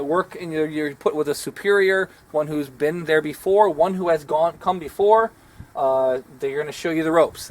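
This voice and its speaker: A man, a martial arts instructor giving a rambling, self-deprecating outdoor lesson. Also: fairly high pitch. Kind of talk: casual instructional talk.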